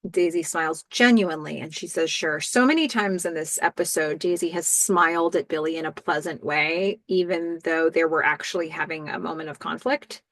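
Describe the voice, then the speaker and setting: A woman's voice: low-pitched, fairly even intonation, moderate pace, hardly any pauses, fairly bright tone, no echo. A woman hosting a podcast, recapping a TV episode in a casual, descriptive and reflective way. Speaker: podcast host.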